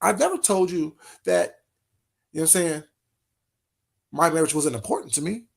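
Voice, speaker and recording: Guy with a high voice ranting to his chat, heated, keeps repeating himself. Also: sing-song, normal speed, gravelly. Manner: heated, talks straight to chat, repeats phrases. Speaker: livestream host. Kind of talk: casual livestream rant.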